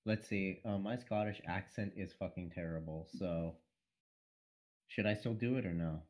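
A man's voice: low-pitched, moderate pace, darkish tone. A man being interviewed on a casual podcast about his writing, rambling and self-conscious, and swearing often. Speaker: guest writer.

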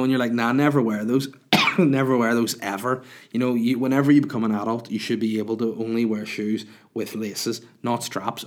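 Crude, rambling man telling a story. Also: medium pitch. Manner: rambling, crude, self-mocking humor. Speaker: podcast host. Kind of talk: casual storytelling monologue.

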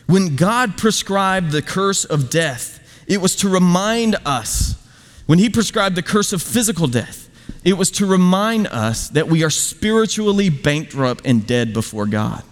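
Male pastor, sermon delivery, rhetorical and conversational, slightly high voice, long hall echo. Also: lively intonation, measured pace. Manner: rhetorical questions, emphatic, conversational asides.

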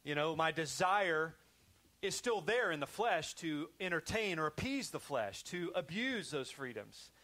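A male pastor preaching a sermon in a conversational way, repeating himself often and swinging between loud emphasis and hushed, quiet stretches. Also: a little high, very animated, measured pace.

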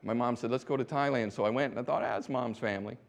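A middle-aged American missionary preacher delivers a testimony sermon, exhorting the congregation as he swings from hushed asides to loud bursts. His pitch is medium and his pace quick.

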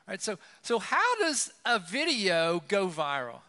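A man's voice: high-pitched, wildly swooping pitch, measured pace, few pauses, sharp tone, in a large hall. A man preaching a sermon in a conversational style, with many fillers, in a church. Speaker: pastor. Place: church sanctuary.

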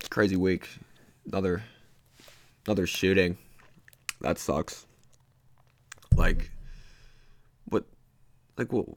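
This is a dry recording of a young male podcast host whose voice sits low with a fairly bright tone. He rambles loosely and casually, leaning on many fillers as his thoughts drift.

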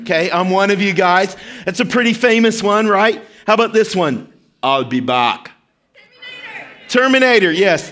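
Upbeat high-voiced pastor preaching. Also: male voice, fairly bright tone. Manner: upbeat, interactive, talks straight to the congregation. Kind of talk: sermon. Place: church service before a congregation.

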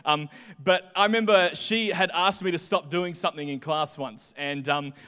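High-voiced young preacher. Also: male voice, moderate pace, smooth. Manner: chatty, animated storytelling with voiced asides. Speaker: pastor. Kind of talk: sermon with personal stories. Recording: hall reverb.

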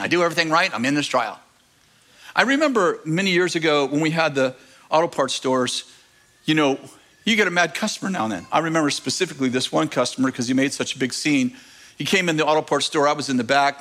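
A man preaching with a high, bright, ringing voice. He tells stories with lots of animation, speaks straight to the congregation and acts out the voices in his stories. At his peaks he turns emphatic and close to shouting. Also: fast. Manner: animated storytelling, rising to emphatic near-shouting; acts out quoted voices and addresses the congregation directly. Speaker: pastor. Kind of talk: sermon.

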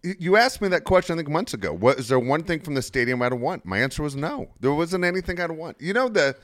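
Easygoing radio co-host. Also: male voice, a little high, expressive, fast, a bit bright, no room sound, studio quality. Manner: agreeable, storytelling, casual swearing. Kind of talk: casual sports talk.

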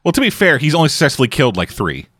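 A man chats through a film in casual commentary, rambling and leaning on filler words. His pitch is mid-range but moves around a lot. The recording is dry, with no room sound. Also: wildly swooping pitch, very fast, fairly bright tone, no echo. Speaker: co-host reacting to a film. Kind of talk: casual watch-along commentary.

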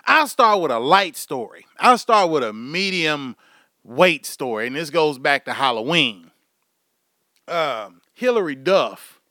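High-voiced, foul-mouthed man ranting. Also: very animated, a little slow, bright, forceful tone, no echo, clean studio sound. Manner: swearing, loose and rambling. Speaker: podcast host. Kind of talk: profane comic rant. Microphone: podcast microphone.

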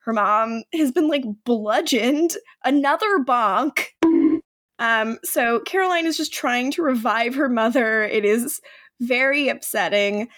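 A young woman co-hosting a podcast, recapping a TV episode in an animated, casual way that is full of "like". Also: fairly high pitch, takes it slowly. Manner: animated storytelling, acts out quoted lines, frequent "like". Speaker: podcast co-host.

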